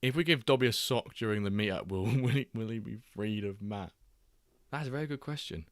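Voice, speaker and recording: A man's voice: lowish voice, a little fast, dry recording, clean studio sound. A man hosting a casual football watchalong livestream, chatting loosely, reading out viewer messages and making jokey asides. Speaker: livestream host.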